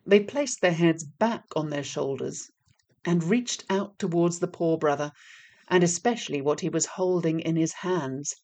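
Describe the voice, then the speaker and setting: A woman reading a folk tale aloud, in a measured and expressive storytelling manner. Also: sits low.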